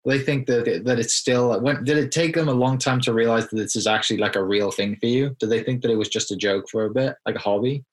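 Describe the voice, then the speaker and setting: A man hosting a podcast interview, asking questions haltingly with many restarts. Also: medium pitch, low-quality recording. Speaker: podcast host. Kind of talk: casual interview chat.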